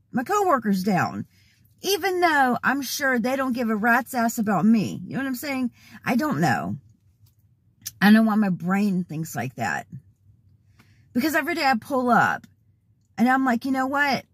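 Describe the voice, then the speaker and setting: A hoarse, worked-up woman venting casually to her vlog audience with exasperated, laughing asides. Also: fairly high pitch, dry recording. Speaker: vlogger. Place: in a car, then at home.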